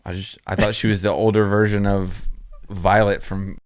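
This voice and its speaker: A man's voice: on the low side, level tone, moderate pace. A young man co-hosting a podcast, answering with short, wry remarks in casual chat. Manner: wry, reactive, short interjections. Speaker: podcast co-host.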